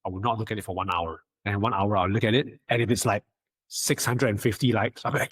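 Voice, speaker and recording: A young man and podcast guest in casual chat, telling animated stories, acting out quotes and often stammering through restarts. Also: on the low side, fast, breathy edge, no room sound.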